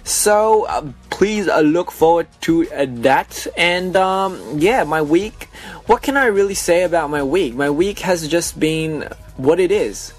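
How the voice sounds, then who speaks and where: A young man with an Australian accent hosting a casual radio chat, full of fillers and quick laughs. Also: a little high, soft background music. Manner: chatty, laughs often, many fillers. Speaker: radio host.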